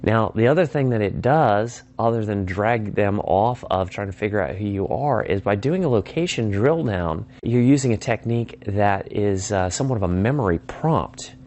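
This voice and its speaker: A man with a fairly low voice explains sales persuasion in a relaxed teaching style. He keeps breaking off to act out sample phone calls, switching voices for each side. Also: normal speed, few pauses. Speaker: sales trainer. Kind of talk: instructional talk.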